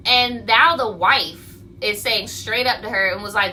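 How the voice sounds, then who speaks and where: A young woman tells a story in a casual livestream rant, voicing each person she quotes. She talks bluntly and swears freely. Her voice is bright, with faint background noise. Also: on the high side, a little slow, poor audio. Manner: animated storytelling, acting out quotes, blunt and profane. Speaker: vlogger.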